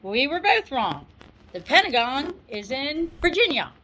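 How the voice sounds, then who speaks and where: A middle-aged woman recounting a personal memory to an audience in an unhurried, conversational way, with asides and small laughs. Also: sits high, sing-song, pushed and bright, slight background noise, low-quality recording. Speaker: storyteller. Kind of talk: personal recollection, told to an audience.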